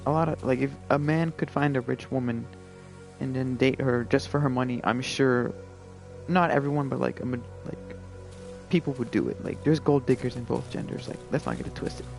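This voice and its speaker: A man's voice: medium pitch, normal speed, vocal fry, darkish tone. A man streaming a game live, rambling casually and laid-back, with lots of "like" and "you know". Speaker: gaming streamer. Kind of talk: casual live gameplay commentary. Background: game music.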